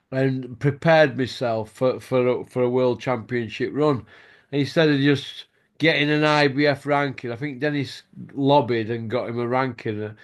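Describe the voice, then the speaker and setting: A middle-aged man, hosting a boxing show and telling stories in casual chat, swearing freely and laughing as he goes. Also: medium pitch.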